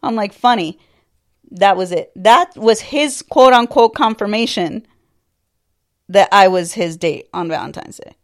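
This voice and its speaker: A woman's voice: medium pitch, animated, measured pace. Woman cohost telling a story, wry, laughs and swears casually. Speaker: podcast co-host.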